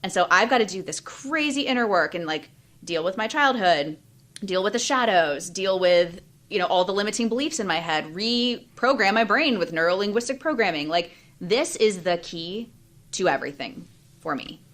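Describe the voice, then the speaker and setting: A woman in her thirties, a life and business coach, talking openly and emotionally in an interview, with quick bursts of speech and many fillers. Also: mid-range voice, animated, a bit bright. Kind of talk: candid interview conversation.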